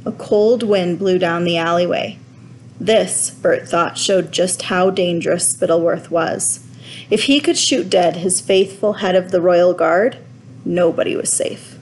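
A woman narrating a children's storybook in a clear, measured reading voice. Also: lowish voice, steady tone, slight background noise, rough recording. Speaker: audiobook reader.

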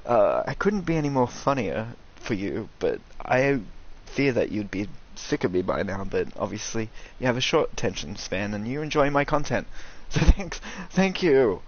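A young man doing casual, sweary commentary over a video game, ranting and excitable. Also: fairly low pitch, moderate pace, hardly any pauses, muffled recording. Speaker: gaming streamer.

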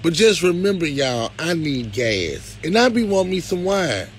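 A man hosting a live stream, talking casually, pleading one moment and loudly complaining the next. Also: on the high side, a little slow, a little hiss or hum. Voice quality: animated, swings from pleading to loud complaint. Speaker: live show host.

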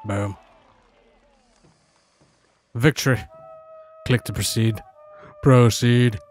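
A man's voice: on the low side, moderate pace, a little mellow, soft background music. Profane sarcastic man playing a game. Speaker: gaming channel host. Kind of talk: casual gameplay commentary.

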